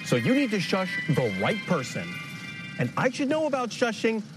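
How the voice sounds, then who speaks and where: An indignant young man getting kicked out of the movies, high voice, music loud under him. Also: huge pitch swings, normal speed, poor audio. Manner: protesting, self-righteous. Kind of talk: English-learning audio drama.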